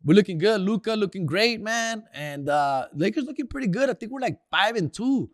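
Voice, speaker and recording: An older comedian hosting a sports segment does a casual, profane rant in a loose street drawl, mixing Spanish slang into his English. His voice sits a bit high for a man, with lively intonation and a moderate pace. The recording is dry and close, with no room around it.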